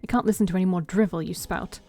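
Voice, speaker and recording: A woman's voice: fairly low pitch, steady tone, fast talker, warm tone. A woman voicing a domineering cold rich father. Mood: scornful. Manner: commanding, dismissive lecturing. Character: stern wealthy middle-aged father, domineering and cold.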